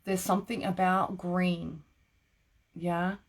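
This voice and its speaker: A woman with a somewhat low voice talks through psychic readings on a live stream. She keeps it casual and chatty, laughing often and peppering her sentences with "like". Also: flat delivery, takes it slowly. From Australia. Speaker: psychic reader.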